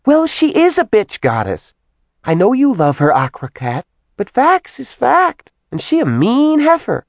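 A man's voice: extremely high pitch, huge pitch swings, a little slow, vocal fry, no room sound, voice pushed up, heavily acted. A man doing a sing-song childlike demon girl. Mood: cheeky sing-song. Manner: sing-songy, broken childlike grammar.

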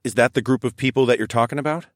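A man narrating a first-person story in a calm, steady reading voice. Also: mid-range voice, racing, no room sound, clean studio sound. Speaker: audiobook narrator.

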